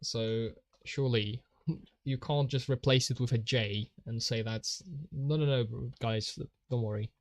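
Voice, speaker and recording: A man's voice: mid-range voice, steady tone, unhurried, no echo. A young man with a Polish accent, chatting casually on a drawing stream, laughing often. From Poland. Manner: giggly, laughs often, reads out chat. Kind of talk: casual live-stream chat while drawing.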